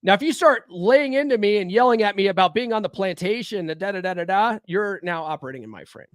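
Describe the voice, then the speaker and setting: A man's voice: high-pitched, lively intonation, quick pace, fairly bright tone, dry recording, clean studio sound. A man hosting a podcast alone in a casual, blunt, profane way. He keeps asking his listeners "right?" and throws rhetorical questions at them. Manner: rhetorical, challenges listeners directly. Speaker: podcast host. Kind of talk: casual solo talk on dating and self-improvement.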